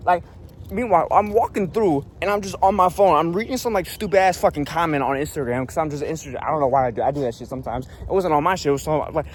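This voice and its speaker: A man's voice: on the high side, a little hiss or hum. A young man telling a travel story as a casual vlog rant, profane and annoyed, rambling with lots of fillers. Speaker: vlogger.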